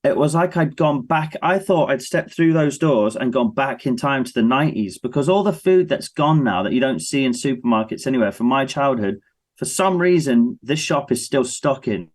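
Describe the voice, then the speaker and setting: A man in his thirties with an English accent, a guest musician on a casual interview, telling lively stories and acting out his family's voices. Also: medium pitch, moderate pace. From England.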